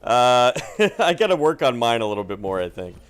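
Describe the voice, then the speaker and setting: A man's voice: mid-range voice, big pitch swings, moderate pace, clean tone. Upbeat male esports commentator. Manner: upbeat and jokey. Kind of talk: live game commentary.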